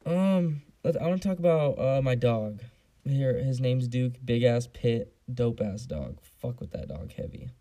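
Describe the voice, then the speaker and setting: A man's voice: medium pitch, animated, a little slow, mellow. Rambling, profane young male podcaster. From San Diego area, US. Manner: rambling, profane, frequent fillers. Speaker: podcast host. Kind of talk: casual solo podcast rant.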